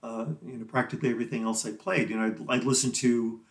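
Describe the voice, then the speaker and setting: A man talking as a guest musician in a casual interview, rambling and chatty and quick to laugh. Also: medium pitch, flat delivery. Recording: roomy echo.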